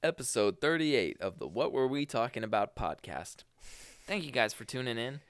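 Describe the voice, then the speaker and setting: A man co-hosting a podcast, talking in a relaxed, slangy way and calling his friend "bro". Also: medium pitch, normal speed, clean tone, no room sound, clean studio sound. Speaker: podcast co-host. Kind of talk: casual podcast chat.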